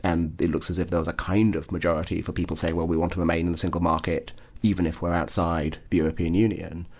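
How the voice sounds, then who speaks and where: A man giving measured, speculative political analysis as a podcast panelist. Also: low voice, little pitch movement, a little mellow. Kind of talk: analytical discussion.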